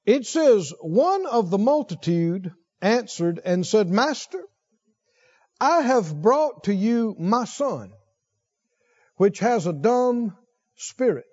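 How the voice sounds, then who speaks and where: A man's voice: very animated, a little mellow, breathy edge, lo-fi sound. A man preaching a sermon, reading scripture and questioning his congregation as he goes. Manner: slow, questions the congregation, rises in pitch when stressing points.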